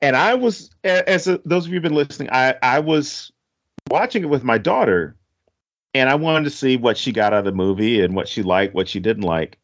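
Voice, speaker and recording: A man co-hosting a podcast, chatting casually about a movie, rambling and jokey with animated asides. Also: medium pitch, a little fast, lo-fi sound. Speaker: podcast co-host.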